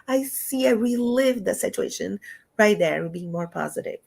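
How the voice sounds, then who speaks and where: A woman giving a lively spiritual talk over a video call, animated and often laughing, with big jumps in pitch. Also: normal speed, creaky. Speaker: guest speaker.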